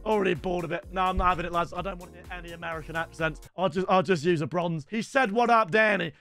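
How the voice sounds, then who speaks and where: A young man hosting a gaming video, talking in a very high, bright register. He chats and banters excitably with his viewers, and faint music plays under his voice. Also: fast. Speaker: video game channel host. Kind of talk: casual gaming commentary.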